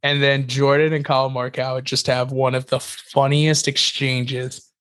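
A man's voice: medium pitch, normal speed. A man co-hosting a casual podcast, telling stories animatedly with frequent laughs and fillers. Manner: animated storyteller, laughs often, many fillers. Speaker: podcast co-host. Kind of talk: casual chat.

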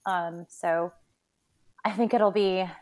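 A woman's voice: medium pitch, animated, moderate pace. A young woman chatting casually as a podcast guest, pregnant and tired, talking with lots of fillers and laughter. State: pregnant, tired and a bit out of breath.

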